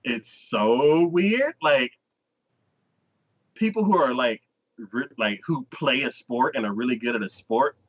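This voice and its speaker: Lively rambling man, lo-fi mic. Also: medium pitch, a little slow. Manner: rambling retelling, laughing often. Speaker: podcast host. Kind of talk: casual anime review chat. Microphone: desk podcast mic.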